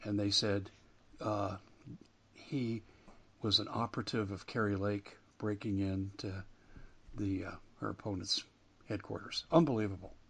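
A man's voice: fairly low pitch, flat delivery, measured pace, creaky, long pauses, slightly rough. A man hosting a talk radio show, delivering an emphatic monologue that rises and falls with indignation. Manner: emphatic, rising and falling with indignation.

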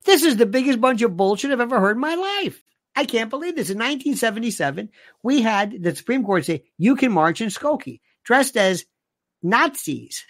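Woman ranting on a livestream, fired up, reading chat out loud. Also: on the high side, gravelly. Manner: animated, ranting, reads chat aloud. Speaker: livestream host. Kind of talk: casual livestream monologue.

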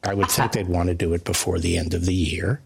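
A man being interviewed for the news, speaking in a hesitant, measured way with many fillers. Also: sits low, fairly even intonation, vocal fry, slightly rough.

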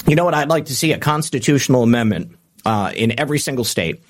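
A man with a medium-pitched voice talks fast and animatedly, with a slight hiss or hum in the background. He hosts a political commentary podcast, reading quotes aloud and tossing in sarcastic remarks along with plenty of "uh" fillers.

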